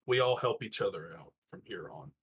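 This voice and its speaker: A man speaking in character at a tabletop game, blunt and rough with swearing. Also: on the low side, expressive, a little fast, a bit bright. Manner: blunt, swearing rebel talk. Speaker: player. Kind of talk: in-character tabletop role-play.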